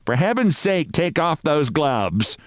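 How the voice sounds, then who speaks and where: A man's voice: on the high side, sing-song, takes it slowly, no room sound, studio quality, voice pushed up. A man voicing a haughty, brash middle-aged office woman who scolds shrilly. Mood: mocking.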